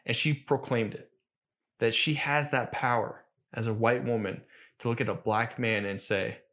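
A man's voice: medium pitch, fairly even intonation, moderate pace, fairly bright tone. A young man hosting a solo podcast, talking earnestly and critically about himself, often rambling and restarting his sentences. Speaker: podcast host.

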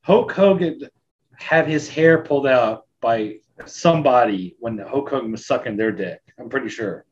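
A man's voice: mid-range voice, normal speed, dull audio. A man co-hosting a podcast, chatting casually and trading crude jokes. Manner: crude, joking banter. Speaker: podcast co-host. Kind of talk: casual chat.

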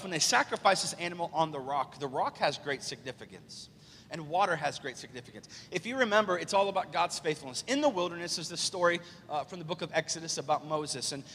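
A man preaching a live church sermon, asking the congregation rhetorical questions and swinging from hushed low lines to loud exclaimed peaks. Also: slight background noise. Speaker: pastor. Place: large church sanctuary. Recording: church hall reverb.

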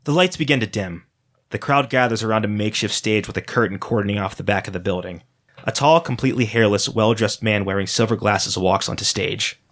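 A man reading a dark first-person story aloud as a storyteller, in a dramatic, steady manner. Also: fairly low pitch, brisk.

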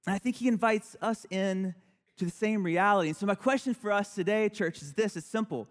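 A man's voice: sits high, expressive, moderate pace. A man, preaching a sermon in a conversational, earnest way and putting questions to the congregation. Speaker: pastor. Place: church sanctuary. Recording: church hall reverb.

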